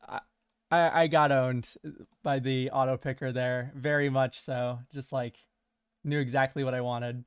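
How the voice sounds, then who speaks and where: A young man giving relaxed, chatty commentary while playing a card game, laughing often and using casual slang. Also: mid-range voice, a little fast, clean tone, no room sound, studio quality. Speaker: streamer.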